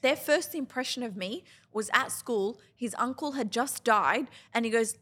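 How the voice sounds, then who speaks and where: A woman's voice: a little high, moderate pace, hardly any pauses, breathy edge. A young adult woman co-hosting a podcast, telling stories in a chatty way full of "like". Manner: chatty, lots of "like", animated when quoting people. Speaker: podcast co-host. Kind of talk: casual chat, storytelling.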